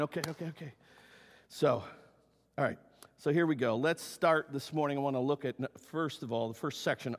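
In a mid-range voice, a little fast, a pastor gives an animated sermon, acting out the story's characters. The setting is a church sanctuary, recorded with long hall reverb.

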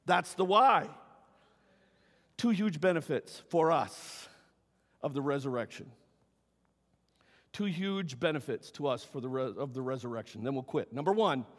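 A male pastor preaching a sermon, emphatic, swinging between loud cries and hushed, soft talk. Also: on the high side, animated, unhurried, pauses often. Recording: long reverb of a large hall.

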